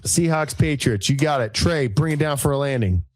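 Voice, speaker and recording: A man's voice: fairly high pitch, moderate pace. A man with a Southern US accent, co-hosting a podcast as the strength coach, telling folksy stories in casual banter. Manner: folksy, animated storyteller.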